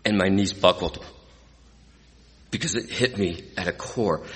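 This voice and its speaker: A middle-aged man from California giving an earnest, emotional personal testimony to an audience as a recovery speaker. He swings from hushed to lively. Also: low voice, normal speed, long pauses. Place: hall with a live audience. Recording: long hall reverb.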